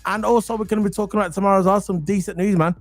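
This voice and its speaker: A man co-hosting a casual football podcast, excitable and chatty, full of slang. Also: sits high, racing, no echo, soft background music. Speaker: podcast co-host.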